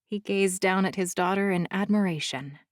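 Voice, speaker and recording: A woman narrating a fantasy romance audiobook in the first person, calm, soft and measured. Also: mid-range voice, no room sound, studio quality.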